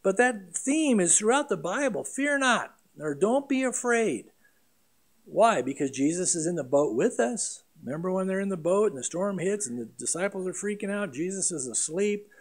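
A middle-aged man preaching a sermon as pastor, earnest and emphatic, with big swings between loud and quiet. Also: high-pitched, lively intonation, moderate pace.

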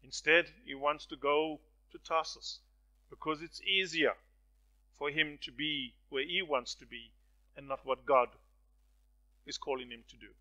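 A man preaching a sermon, swinging from hushed lines to loud, stirring ones and acting out the voices in his stories. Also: on the high side, steady tone, unhurried, dull audio. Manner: dramatic swings from soft to loud; storytelling with acted voices.

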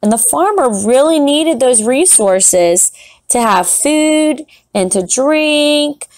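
Slow, lively teacher reading to children. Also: female voice, high-pitched, no echo. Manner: gentle, addressing young students. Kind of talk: children's read-aloud. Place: classroom recording setup.

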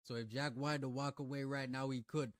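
Brief: male reaction host, casual slang, jokey asides, mid-pitched, dry booth sound. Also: flat delivery, fairly quick, dry recording, far from the mic. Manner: slangy, joking, talks to the clip.

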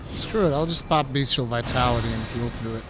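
A man giving casual gameplay commentary as a let's play host, easily frustrated and quick to angry outbursts. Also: mid-range voice, over music.

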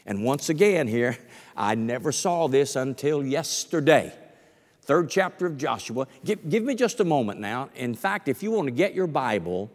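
A man's voice: medium pitch, very animated, normal speed. An older man, a pastor, preaching a conversational sermon to his congregation and stretching out key phrases for emphasis. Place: church sanctuary. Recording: long reverb of a church hall.

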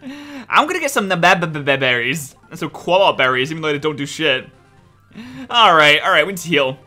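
A man hosting a gameplay commentary, excitable and exasperated, swearing often and pleading with the game. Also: on the high side, normal speed, soft background music. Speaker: let's play host.

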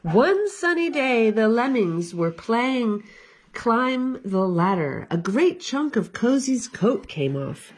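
A woman librarian giving an expressive, sing-song storytime read-aloud for children. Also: fairly high pitch, takes it slowly, a little hiss or hum.

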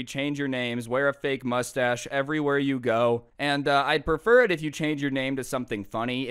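A man's voice: medium pitch, clear, resonant tone, no room sound, studio quality. A young man casually telling a funny story, sarcastic and chatty, acting out the people in it. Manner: chatty, sarcastic, acts out quotes. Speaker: storytime youtuber.

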